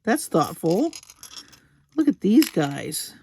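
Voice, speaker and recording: A woman hosting a crafting video, gushing slowly and admiringly over beads with soft exclamations as she unboxes them. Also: lowish voice, sing-song, gravelly, a little hiss or hum. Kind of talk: unboxing commentary.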